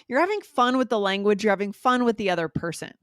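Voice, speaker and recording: A woman's voice: medium pitch, animated, fast talker, no echo, clean studio sound. Upbeat woman co-hosting a podcast. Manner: upbeat, enthusiastic, often checks in with "right?". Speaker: podcast co-host, English teacher. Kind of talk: casual teaching chat.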